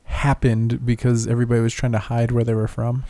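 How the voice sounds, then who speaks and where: A man with a mellow, relaxed tone chats on a podcast, playful and crude. He breaks into silly put-on voices now and then. The sound is dry and close. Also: medium pitch, brisk, no echo. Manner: playful, slips into jokey voices, profane. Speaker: podcast co-host. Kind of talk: casual podcast chat.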